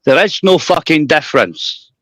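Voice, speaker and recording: A man's voice: fairly high pitch, lively intonation, moderate pace, a bit bright. A man arguing on a live stream, swearing, mocking and talking over others. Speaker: stream participant. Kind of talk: heated argument.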